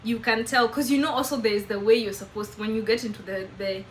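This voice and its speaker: A young Kenyan woman with a Meru accent, whose first language is Kimeru, chatting casually to camera in an animated way and laughing often. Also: on the high side, fairly quick, a little hiss or hum, rough recording. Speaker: vlogger.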